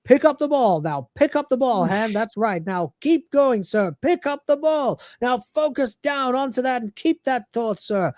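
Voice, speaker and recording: A woman's voice: fairly high pitch, expressive, moderate pace, few pauses, a little mellow, voice pushed up, natural voice. A woman voicing a fussy, polite male android servant who earnestly coaches over and over, saying "sir". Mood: urgent.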